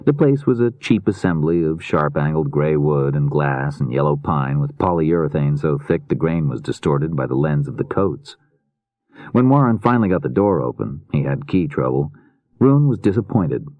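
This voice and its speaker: A man reading a mystery novel aloud in a measured, steady narration. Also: very deep voice, dry recording, phone-quality sound. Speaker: audiobook narrator. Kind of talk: scripted narration.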